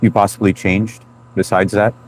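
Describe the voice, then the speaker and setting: Stream host, man, thirties, low-pitched, loose friendly chat. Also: flat delivery, moderate pace, slight background noise. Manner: loose and chatty, greets viewers by name. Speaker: livestream host reading chat. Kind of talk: casual live chat.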